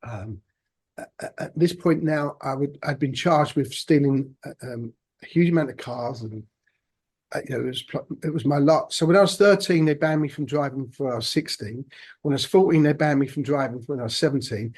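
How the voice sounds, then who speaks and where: A man, a podcast guest telling his own story in a halting, reflective way. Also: mid-range voice, darkish tone, breathy edge. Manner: halting, reflective, many restarts. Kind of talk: personal storytelling interview.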